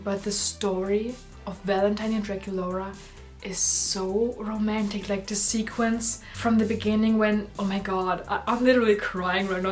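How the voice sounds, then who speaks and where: A young woman casually reviewing and ranking movies in a vlog, gushing and full of filler words. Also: medium pitch. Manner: gushing, animated, lots of "like" fillers.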